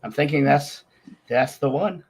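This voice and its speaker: A man's voice: a little high, a little slow, a little mellow, husky. A male podcast host asking questions and joking with his guest. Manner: joking, brief reactions. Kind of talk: casual podcast interview.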